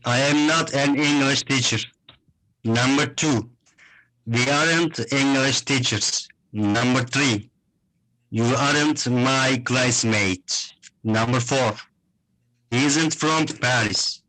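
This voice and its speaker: A man with a Turkish accent, a student reading English exercises aloud over a video call, halting and hesitant. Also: medium pitch, pushed and bright, poor audio.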